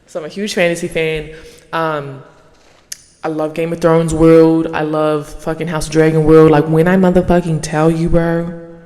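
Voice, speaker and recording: A young woman hosting her podcast in a casual monologue, swearing freely and yapping in an animated way. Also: deep voice, big-room sound. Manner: profane, animated, fast yapping. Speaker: podcast host.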